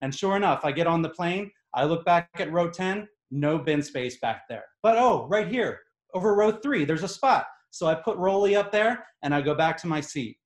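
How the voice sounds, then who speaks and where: An animated, exasperated man spins a comic story for a live audience. His voice sits a little high for a man and leans hard on his points. The room adds a clear echo. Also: moderate pace, hardly any pauses. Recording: echoey room.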